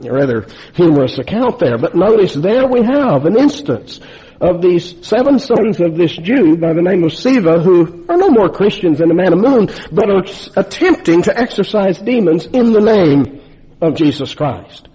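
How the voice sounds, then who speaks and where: A man's voice: high-pitched, sing-song, normal speed, warm tone, breathy edge. A pastor in his fifties, a man preaching an emphatic sermon full of rhetorical questions.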